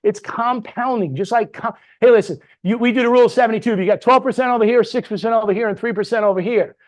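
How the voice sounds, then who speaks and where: A man's voice: very high voice, fast. A middle-aged man giving a motivational sales training talk, punchy and full of rhetorical questions, tagging his points with "right?". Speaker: business trainer.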